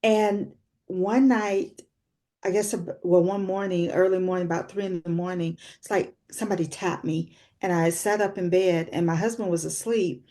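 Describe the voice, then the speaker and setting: This talk-show guest, an author in her sixties, speaks at a normal speed with a fairly low, dark voice and fairly even intonation. Her personal testimony is reflective and earnest, dotted with frequent fillers.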